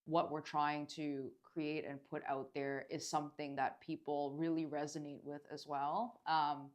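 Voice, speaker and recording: Low-voiced woman, earnest and chatty. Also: flat delivery, measured pace. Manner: earnest, many filler words. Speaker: guest, dance event organizer. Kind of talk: casual interview chat.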